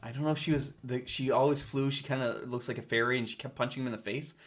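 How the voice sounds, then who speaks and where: A man co-hosting a relaxed movie podcast, his voice sitting in an ordinary middle register. He retells film scenes with animated, playful energy, slipping into quick acted-out quotes. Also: mid-range voice. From Canada. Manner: animated storyteller, acts out quotes. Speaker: podcast co-host. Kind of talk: casual chat.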